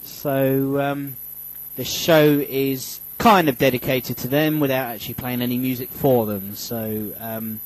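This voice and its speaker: A man's voice: medium pitch, fairly even intonation, measured pace, rough recording. A man hosting a casual radio show, rambling with many fillers and restarts and joking about himself into a studio microphone. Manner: joking, self-mocking. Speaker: radio host.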